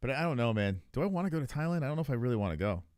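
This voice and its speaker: A man's voice: mid-range voice, sing-song, very fast, darkish tone, smooth, no room sound. A man streaming live, talking loosely to his chat in a voice that rises and falls a lot. He rambles and swears as he reacts to clips. The sound is dry and close, with no room around it. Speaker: streamer host.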